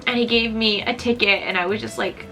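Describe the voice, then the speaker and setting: A young woman recounts a personal story to camera in a loose, chatty flow, leaning on "like" as she goes. Her voice is bright and clear at a middling pitch, and faint music plays underneath. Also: fairly even intonation, brisk. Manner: chatty, heavy use of "like", emotional at times. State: tearful at moments. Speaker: vlogger.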